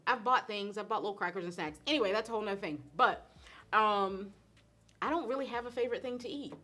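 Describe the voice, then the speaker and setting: A middle-aged woman with a drawl hosts a casual live-stream chat about food. She talks in a loose, animated way and laughs often, and her voice sits at an average pitch for a woman. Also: fast talker, a little hiss or hum. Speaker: host and cook answering viewer questions.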